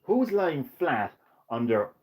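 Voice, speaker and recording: A young man hosting a gaming livestream, giving live play-by-play commentary full of profane trash-talk and excitable jokes. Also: on the high side. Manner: brash, profane trash-talk aimed at the game; excitable, jokey, sometimes rushes his words.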